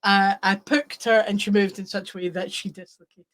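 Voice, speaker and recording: A woman guest chats casually on a podcast in a playful, teasing way. Her voice sits at a middle pitch. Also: steady tone, brisk, fairly bright tone. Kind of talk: casual chat.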